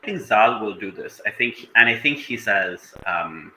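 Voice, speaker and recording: A man's voice: fairly low pitch, lively intonation, normal speed, few pauses, sharp tone, reverberant, slight background noise, rough recording. A man playing a tabletop role-playing game, describing his character's actions and speaking its lines with many fillers. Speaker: player.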